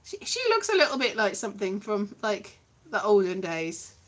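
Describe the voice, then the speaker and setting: A woman's voice: mid-range voice, normal speed. A woman chatting casually to camera in a playful, silly vlog. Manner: playful, animated, silly asides. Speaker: vlogger.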